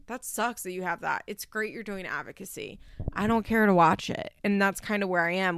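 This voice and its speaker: A woman's voice: lowish voice, vocal fry, fairly bright tone, no room sound, studio quality. A woman recapping a reality show in a casual monologue, talking bluntly and candidly with plenty of swearing and filler "like.".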